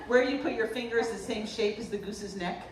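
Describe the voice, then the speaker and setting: A woman from the Boston area, a potter giving a humorous artist talk, telling stories in an animated, joking way. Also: medium pitch, fairly quick. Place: lecture room at a festival. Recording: roomy, distant mic, faint noise.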